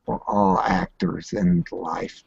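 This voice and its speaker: A man with a low, gravelly voice speaks slowly in a level tone as he hosts a casual late-night voice chat, with crowd noise behind him. He acts as the chat room host, playful and theatrical, meowing and laughing along the way. The recording is dull, lo-fi, dry voice chat audio.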